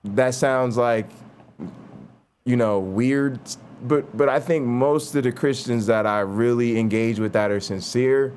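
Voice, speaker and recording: A man talking casually as a host, telling stories with lots of "like" and "you know". His voice sits at a middle pitch and swings up and down with energy. Faint noise hums under the recording. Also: measured pace, a little mellow. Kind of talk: casual conversation.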